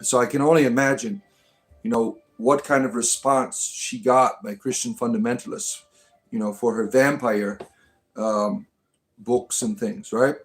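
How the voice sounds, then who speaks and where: A man's voice: mid-range voice, steady tone, a little slow. A man from the United States hosts a casual live stream, reading viewer comments aloud and riffing on them. His talk rambles and jokes along, with frequent restarts. Faint music plays underneath. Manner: rambling, joking, many restarts. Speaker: livestream host reading chat comments.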